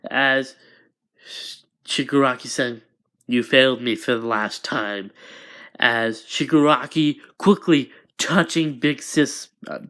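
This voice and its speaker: A man's voice: medium pitch, pushed and bright. A man improvising a fan story as narrator, hesitant and often restarting his sentences.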